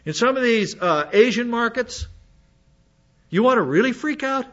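High-voiced man teaching from scripture. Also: lively intonation, moderate pace, a bit bright, highs cut off. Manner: conversational, asides to the congregation. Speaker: preacher. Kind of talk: Bible teaching sermon.

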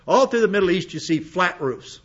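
A high-voiced man teaches a congregation from scripture. He reads a passage, then slips into chatty asides and questions to the room. The recording sounds dull and muffled. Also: lively intonation, brisk. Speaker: preacher. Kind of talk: Bible teaching sermon.

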